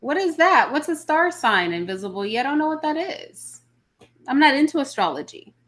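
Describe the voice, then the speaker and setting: With a high-pitched, sing-song voice that's a bit bright, she talks at a moderate pace. The speaker is a mother of children who hosts a casual live chat and answers viewer comments in a blunt, opinionated manner.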